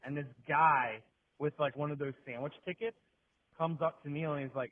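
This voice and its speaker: A man tells crude stories in a casual rant and acts out every character. His voice sits a little high. The audio is thin and tinny, like a phone line. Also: fairly even intonation, moderate pace. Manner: profane storytelling, acts out the people in his stories. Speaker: segment contributor.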